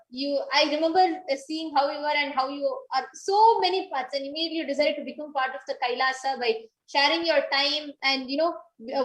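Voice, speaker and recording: Woman host, high voice, gushing over the guest, echoey room. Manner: admiring, effusive. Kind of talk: interview.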